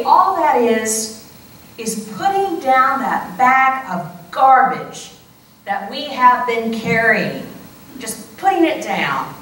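A woman priest preaching a sermon, slow and deliberate with playful conversational asides. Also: fairly high pitch, fairly bright tone, a little hiss or hum. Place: church sanctuary. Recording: echoey church heard from a distance.

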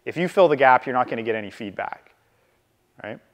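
A man's voice: medium pitch, brisk. Male real estate trainer, casual, acts out dialogue, long hall reverb. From Canada. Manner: lively, acts out dialogue, keeps checking with "right?". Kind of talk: casual training talk to a room.

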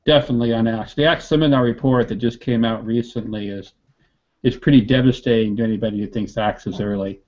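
A man in a casual online study group who explains points in a measured way over a video call. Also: mid-range voice, fairly even intonation, a little mellow. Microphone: computer mic on video call. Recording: dull lo-fi call audio.

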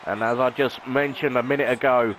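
A man's voice: mid-range voice, steady tone, brisk, a bit bright, poor audio. A man, a gaming channel host, calling a video game wrestling match play-by-play in a dramatic announcer style with rhetorical questions.

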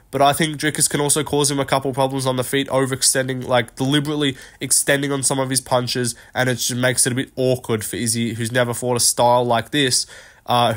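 Rambling through his MMA picks on an unscripted vlog, a young host leans on filler words and casual profanity. His voice is medium-pitched and a bit bright.

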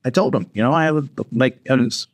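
Clean studio audio without echo captures a medium-pitched man talking fairly quickly. He's a podcast guest relating a story in an easygoing, animated manner, doing the quoted voices himself.

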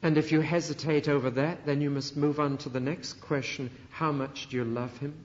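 A middle-aged man preaching a sermon, earnest and emphatic, with dramatic pauses. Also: a little high, steady tone. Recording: dull archival sermon recording in a reverberant hall.

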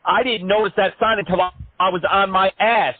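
A man's voice: high voice, fairly even intonation, a little fast, no echo. A man playing a crude, aggrieved caller who exaggerates his complaint about slipping on a wet floor. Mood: whiny. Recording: phone-like line.

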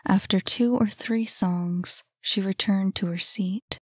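A woman narrating a novel aloud in a soft, calm voice. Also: medium pitch, slightly rough, no echo, studio quality. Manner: soft, calm, unhurried reading. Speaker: audiobook narrator. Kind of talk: scripted narration.

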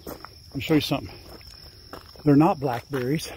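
A man's voice: medium pitch, fairly even intonation, moderate pace, mellow, a little hiss or hum. An older man chatting casually through a farm vlog outdoors, rambling and fondly coaxing his animals. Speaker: farm vlogger. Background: faint insects and crickets.

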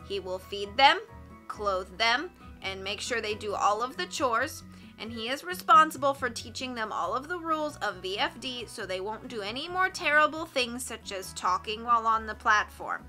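A woman voicing a very old man on a village council, speaking slowly and calmly, with faint music behind. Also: on the high side. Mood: soothing.

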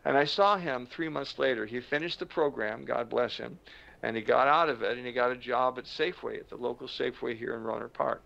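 A man with a mid-pitched, gravelly voice tells a story slowly and dramatically, leaning on pauses for effect. The recording is dull and lo-fi, with the top end muffled. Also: fairly bright tone. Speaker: motivational speaker. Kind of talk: storytelling talk to camera. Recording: dull lo-fi sound.

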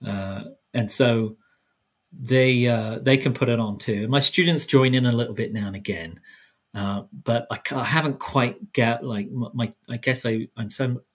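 A man's voice: mid-range voice, fairly even intonation, normal speed, breathy edge. A man from South London, his accent blended with American, answering interview questions in a chatty, rambling way with many restarts. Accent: South London English mixed with American. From South London, England. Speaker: guest historian.

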